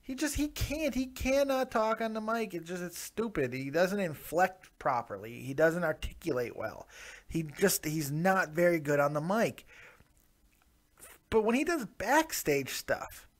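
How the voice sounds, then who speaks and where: A man with a fairly high voice gives his own review in a loose, chatty way. He is opinionated and often restarts his sentences as he goes. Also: very animated, a little slow. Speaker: wrestling show reviewer. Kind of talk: casual solo review commentary.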